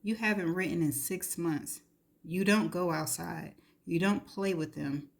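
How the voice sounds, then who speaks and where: A woman voicing a gentle, caring husband in a spoken storybook reading, close to her own voice. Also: on the low side, unhurried, vocal fry. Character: gentle worried husband, adult man.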